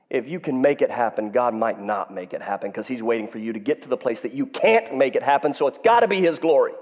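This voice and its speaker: A male pastor preaching an animated, joking sermon, acting out the voices in a story. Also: medium pitch, fairly quick, hardly any pauses, big-room sound. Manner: animated, acts out dialogue, jokes with congregation.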